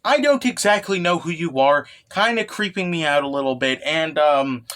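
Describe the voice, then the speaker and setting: A man's voice: on the high side, lively intonation, moderate pace, a bit bright. A man voicing a blunt, irritated young princess. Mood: annoyed. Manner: casual, dismissive, slangy.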